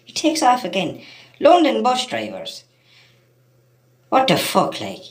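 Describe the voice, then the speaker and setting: An Irish man in full rant, swearing freely and hammering the same point again and again. His pitch leaps and drops all over the place as he talks straight to the lads watching. It is an animated, heated monologue. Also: takes it slowly. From Ireland. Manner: heated, profane ranting, repeats himself, addresses listeners as lads. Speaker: vlogger. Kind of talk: ranting monologue to camera.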